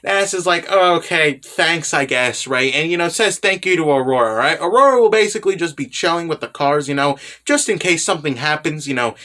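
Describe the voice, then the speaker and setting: A man's voice: on the high side, expressive, fast talker, hardly any pauses, fairly bright tone. A man casually recapping a manga chapter, rambling loosely with lots of fillers and tag questions, and dropping sarcastic asides. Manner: filler-heavy, keeps tagging "right?" and "you know".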